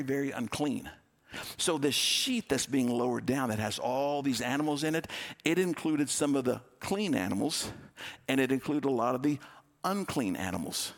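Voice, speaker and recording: A man preaching a sermon as a pastor, retelling a Bible story in a lively way and acting out its characters' voices. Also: medium pitch, vocal fry. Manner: animated, acts out voices of the story's people.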